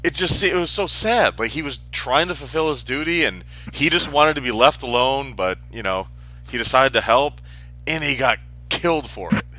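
A man with a bright, forward voice chatting easily about a TV show. He laughs often and trips over his words, restarting sentences, with a lively rise and fall in pitch. Faint music sits behind him. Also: moderate pace. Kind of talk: casual chat reviewing a TV show.

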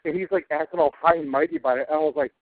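A man's voice: a little high, very fast, no echo. A man co-hosting a casual talk show, ranting about television with heavy swearing. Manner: ranting, profane, cranky. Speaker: podcast co-host. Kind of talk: casual chat. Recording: tinny phone-like audio, dry.

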